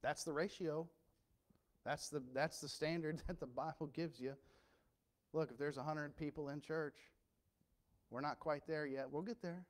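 A male pastor preaching a sermon with impassioned swings from quiet storytelling to loud emphasis. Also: on the high side, fairly even intonation, unhurried, long pauses.

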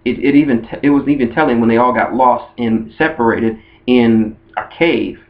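A man's voice: mid-range voice, normal speed. Man, casual fan monologue, rambling, stop-start sentences, muffled lo-fi audio. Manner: rambling, with frequent restarts. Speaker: anime fan video host. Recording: dull lo-fi recording.

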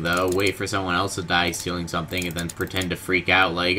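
A man giving casual gameplay commentary, low-key and monotone, groggy from just waking up, in his bedroom. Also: brisk, hardly any pauses. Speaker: gaming video host. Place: hot bedroom with a fan. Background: fan and keyboard noise.

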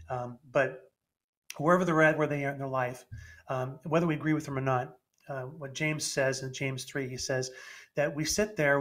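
A man's voice: mid-range voice, a bit bright. A middle-aged man giving an informal sermon talk online, conversational and full of restarts. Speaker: speaker, Christian apologist. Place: home, presenting online with shared screen.

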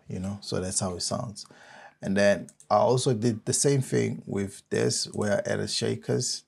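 A man from South Africa, a music producer, giving a relaxed step-by-step software tutorial on making a track. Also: on the low side, gravelly, breathy edge.

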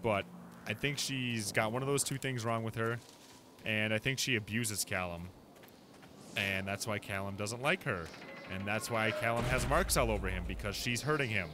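A man giving excitable gameplay commentary on a horror game, with loud reactions and jokes. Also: fairly low pitch, normal speed, music in the background. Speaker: let's play host.

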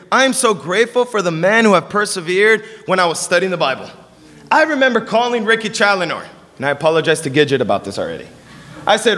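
A young man preaching a sermon, telling stories and acting out the dialogue with lively energy. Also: sits high, brisk. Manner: animated storytelling, acting out dialogue. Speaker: pastor. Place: church service in a hall. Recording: long reverb of a hall.

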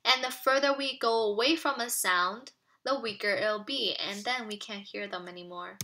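A woman's voice: mid-range voice, moderate pace, a little hiss or hum. A woman teacher reading a picture book aloud to children, acting out the lines and stopping to ask questions and explain. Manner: expressive storytelling, asks children questions.

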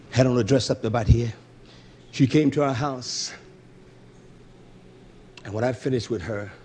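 A man preaching a fiery sermon, cursing and shouting, then dropping to low muttering. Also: a little hiss or hum. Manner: shouting, cursing and swinging between loud outbursts and low muttering. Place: religious feast gathering.

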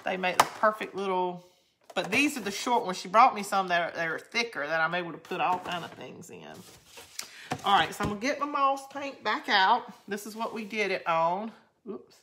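A woman's voice: mid-range voice, animated, normal speed, background noise. Chatty Southern-drawl woman crafting live. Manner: rambling, chatty, answers viewer comments. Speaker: craft channel host. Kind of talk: casual live crafting chat.

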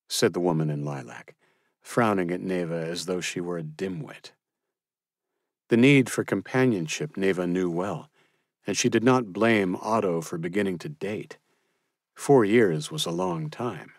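A man reading literary fiction as an audiobook narrator in a measured, expressive manner. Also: deep voice, no room sound, studio quality.

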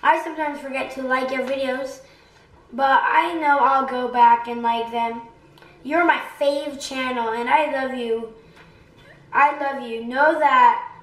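A woman hosting a family channel, reading fan mail aloud at home in a playful, animated way. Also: high-pitched. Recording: roomy home echo.

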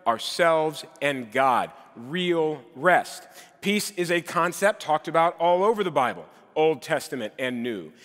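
Bright-voiced male preacher in a reverberant hall. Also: a little high. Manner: conversational, self-deprecating humor with filler "uh"s. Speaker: guest preacher. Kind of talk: sermon. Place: large church sanctuary.

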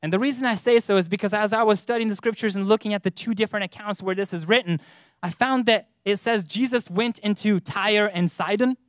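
A man preaching a sermon in church, earnest, with emphatic rises and slow stressed words. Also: high-pitched, dry recording, clean studio sound.

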